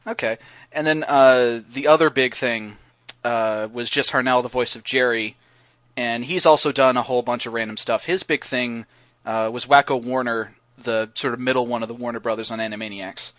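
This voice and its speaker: A man's voice: medium pitch, steady tone, moderate pace, a bit bright, dry recording. A man chatting casually on a podcast, rambling with lots of fillers and restarts. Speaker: podcast guest co-host.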